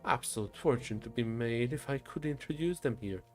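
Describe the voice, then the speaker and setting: A man voicing an eccentric, rambling gentleman obsessed with animals, in a whimsical, posh manner. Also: medium pitch, fairly quick, faint music behind, close to an everyday voice.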